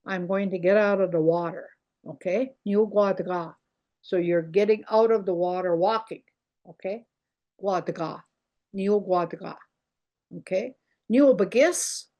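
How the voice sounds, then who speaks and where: Older lady teaching a language class, slow and patient, keeps asking okay?. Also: medium pitch, darkish tone. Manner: patient, repeats words slowly, checks with "okay?". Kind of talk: language lesson, explaining words.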